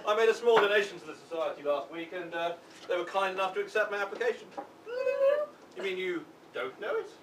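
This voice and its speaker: A man's voice: sits high, animated, quick pace, fairly bright tone. A man playing a pompous, airy posh young brother in an improvised stage comedy. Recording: echoey live stage from far off, noisy.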